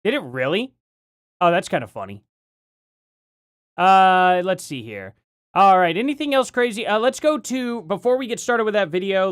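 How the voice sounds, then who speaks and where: A man's voice: sits high, lively intonation, normal speed, long pauses, fairly bright tone, smooth, no room sound, clean studio sound. A man hosting a live stream, chatting casually and rambling as he reacts to his chat, often laughing.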